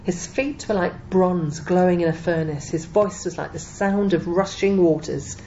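Low, mellow woman preaching. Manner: measured, emphatic Bible teaching with quoted scripture. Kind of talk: sermon. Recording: dull lo-fi recording with faint noise.

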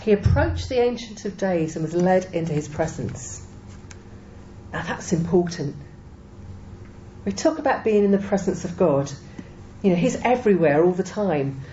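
Woman preacher, low mellow voice, measured emphatic sermon delivery, dull lo-fi recording with faint hiss. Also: lively intonation. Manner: measured, emphatic Bible teaching with quoted scripture.

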